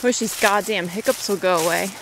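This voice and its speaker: A young woman narrates her hike along a creek in a chatty, giggly way, swearing casually and fighting off hiccups. Her voice sits at an ordinary pitch for a woman. The camera audio picks up a loud rushing stream behind her. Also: background noise. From Missouri, USA. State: has the hiccups. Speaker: vlogger. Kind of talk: casual hiking vlog narration. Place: outdoors on a creek trail in the woods. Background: flowing creek water.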